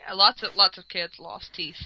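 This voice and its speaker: A woman co-hosting a casual internet radio chat and telling stories with excited exclamations. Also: mid-range voice, moderate pace, dry recording. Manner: animated storyteller, bursts into excited exclamations. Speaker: co-host. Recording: dull, lo-fi online audio.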